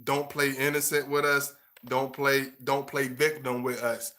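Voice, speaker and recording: A man's voice: medium pitch, level tone, measured pace, bright, forceful tone. A young man lecturing his viewers bluntly and passionately, stumbling over repeated words as he pushes his point. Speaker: vlogger giving relationship advice. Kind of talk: casual monologue to camera.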